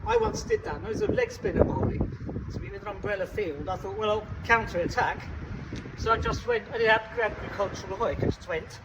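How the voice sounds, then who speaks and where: A man's voice: high-pitched, big pitch swings, a little fast, gravelly. A man from Italy chatting casually about cricket outdoors on a windy day, rambling and self-deprecating as he demonstrates shots. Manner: chatty, self-deprecating, trailing off mid-sentence. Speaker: cricket vlogger. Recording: distant mic, dull sound, wind and traffic noise.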